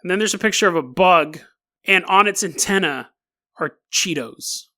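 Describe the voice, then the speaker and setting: A man hosting a comedic podcast monologue, talking in an animated, mocking way and laughing often as he reads. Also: sits high, normal speed. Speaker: podcast host.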